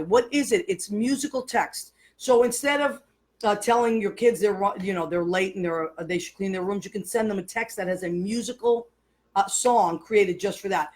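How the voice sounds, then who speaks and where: Effusive woman hosting a lively talk show. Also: mid-range voice. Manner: effusive, exclamatory, greeting viewers by name. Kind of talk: casual live show chat.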